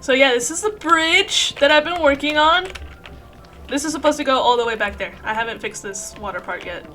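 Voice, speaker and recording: Bright high-voiced woman streamer chatting. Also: brisk, soft background music. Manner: rambling, chatty, swears freely, laughs often. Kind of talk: casual chat while playing a game.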